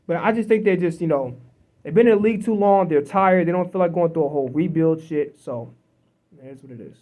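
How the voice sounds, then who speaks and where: A man's voice: fairly high pitch, brisk, warm tone. A frustrated man delivers a sports vlog rant to his own camera. He swears heavily and stays angry and emphatic, tripping over repeated restarts whenever he gets worked up. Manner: angry, profane, emphatic ranting; repetitive restarts when heated. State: upset, frustrated. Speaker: sports commentator vlogger. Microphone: self-recorded camera.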